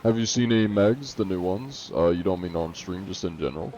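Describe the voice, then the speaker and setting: A man's voice: low-pitched, brisk, warm tone, highs cut off, slight background noise. A man streaming a game, chatting casually and swearing now and then. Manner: laid-back, swears casually. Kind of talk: casual gameplay chat.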